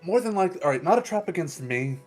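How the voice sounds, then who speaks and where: A man's voice: high voice, sing-song, quick pace, darkish tone, soft background music. A young man playing a tabletop game, dry and matter-of-fact in casual chat. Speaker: player.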